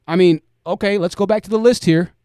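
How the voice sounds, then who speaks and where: A man's voice: high-pitched, brisk, warm tone, clean tone, dry recording, studio quality. A man hosting a livestream, giving blunt commentary and talking straight to his chat. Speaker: host.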